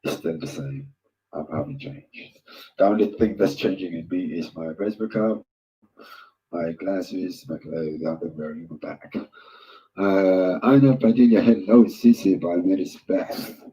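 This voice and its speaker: A man hosting a casual livestream, greeting viewers in loud, upbeat bursts and rambling hesitantly with lots of filler words. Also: low voice, a little slow, low-quality recording.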